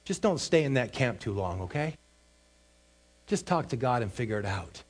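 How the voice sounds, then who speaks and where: A man's voice: medium pitch, very animated, normal speed. A man preaching a sermon as pastor, emphatic, stretching out and repeating key phrases.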